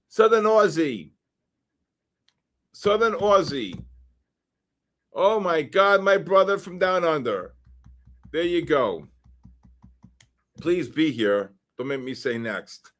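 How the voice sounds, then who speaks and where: A man hosting a livestream, reading out numbers and usernames for a giveaway and getting excited about each winner. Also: fairly high pitch, slow. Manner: excitable, shouts when names are drawn. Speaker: livestream host. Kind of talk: live-stream giveaway draw.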